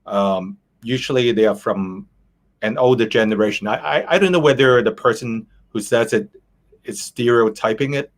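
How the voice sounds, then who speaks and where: This is a man hosting a relaxed interview. He talks casually and hesitantly, often restarting his sentences and filling pauses. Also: on the low side. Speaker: host. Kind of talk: interview chat.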